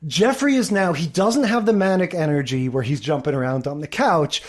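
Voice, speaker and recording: A woman's voice: low-pitched, a little fast, a little mellow. Chatty woman podcast co-host. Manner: chatty, laughs often, acts out quotes. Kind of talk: casual chat.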